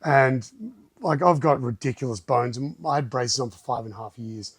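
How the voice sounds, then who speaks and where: A man telling a story as a podcast guest, animated and acting out other people's lines. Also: mid-range voice, normal speed, breathy edge, dry recording. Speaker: guest, martial arts gym owner. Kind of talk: casual storytelling in a podcast chat.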